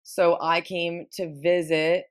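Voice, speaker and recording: A young woman from Toronto with a Toronto Canadian accent, a deep voice and vocal fry, chatting casually as a podcast guest and laughing often. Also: flat delivery, slow. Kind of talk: casual chat.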